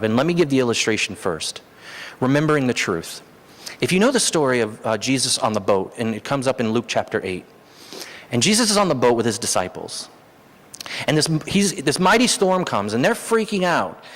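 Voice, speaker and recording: A man preaching a sermon as pastor, animated, his voice jumping high for emphasis. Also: moderate pace. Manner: animated, rises sharply in pitch for emphasis. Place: church hall. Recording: long hall reverb.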